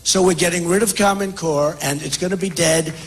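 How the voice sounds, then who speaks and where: A man's voice: on the high side, steady tone, fairly quick, slight background noise. An older man running for president, answering audience questions in a rambling, repetitive, boastful way at an indoor town hall. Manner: repetitive, boastful, keeps repeating phrases. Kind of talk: off-the-cuff rally speech.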